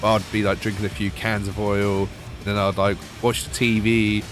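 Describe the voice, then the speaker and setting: A man's voice: fairly low pitch, little pitch movement, moderate pace, over music. A British man narrating a gaming video voice-over with wry, sarcastic humour. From United Kingdom. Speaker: gaming YouTuber.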